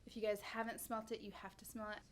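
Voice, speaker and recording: A woman in her thirties chats to the camera in a casual vlog, pitched a little high. She gushes with excitement and now and then stumbles over a word before carrying on. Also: fast talker, a little hiss or hum. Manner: gushing and enthusiastic, trips over names. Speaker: beauty vlogger reviewing perfumes.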